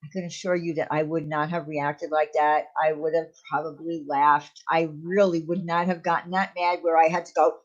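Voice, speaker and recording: A woman's voice: low voice, flat delivery, normal speed, few pauses, muffled recording. A woman hosting a casual live-stream chat, talking earnestly and reflectively, with plenty of ums and you-knows. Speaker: channel host.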